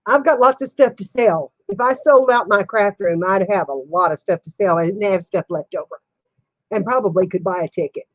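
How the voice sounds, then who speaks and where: Recorded lo-fi and without echo, this older woman speaks at a moderate pace with a medium-pitched voice. She hosts a home livestream, casually answering viewers' questions and laughing frequently in a folksy manner.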